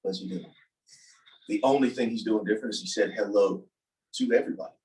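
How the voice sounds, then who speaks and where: A man telling a personal story in a casual talk, animated and acting out the voices of the people he quotes. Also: lowish voice, quick pace. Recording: voice from a distance from the mic.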